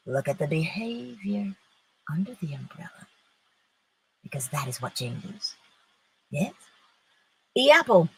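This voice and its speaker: Husky, animated woman giving slow inspirational talk. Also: mid-range voice, poor audio. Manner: emphatic and conversational, answers viewers' comments and laughs often. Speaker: host of a live-streamed morning inspiration show. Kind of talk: inspirational preaching mixed with casual chat.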